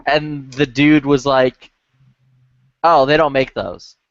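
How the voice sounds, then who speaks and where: A man's voice: mid-range voice, level tone, takes it slowly, no echo. Casual male chatter, swears freely and fills with "like", dull lo-fi chat audio. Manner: profane, rambling, many filler "like"s. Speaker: lobby chat regular.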